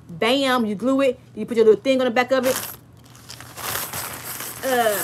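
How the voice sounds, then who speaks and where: A woman hosting a crafting livestream from her home craft room, talking fast and chatty and laughing often. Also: fairly high pitch, slight background noise. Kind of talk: casual livestream chat and craft demo.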